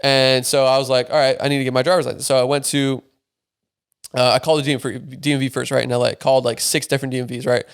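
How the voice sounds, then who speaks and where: A man's voice: medium pitch, little pitch movement, gravelly, smooth. A young man, a podcast guest, telling a story in casual chat, swearing often and packing his talk with filler words. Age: young adult. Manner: rapid, profane, heavy filler words.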